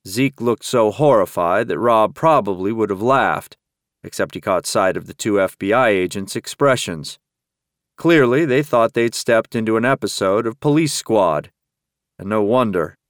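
A man narrating an audiobook in a steady, measured storytelling manner. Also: fairly low pitch, clean tone, dry recording, clean studio sound. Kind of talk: scripted narration.

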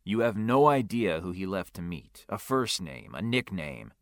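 A man voicing a skeptical police detective who speaks in a low, curt drawl. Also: big pitch swings, unhurried, no echo, clean studio sound, exaggerated voice.

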